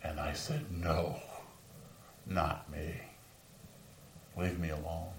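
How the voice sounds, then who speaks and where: A man playing Peter, deep and grieving. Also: little pitch movement, slow pace, slight background noise. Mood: remorseful. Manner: earnest, dropping to whispers at moments of grief. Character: remorseful apostle Peter recalling his denial. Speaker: dramatic monologue performer. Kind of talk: first-person dramatic monologue. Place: large room with a live audience. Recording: roomy sound from a distant mic.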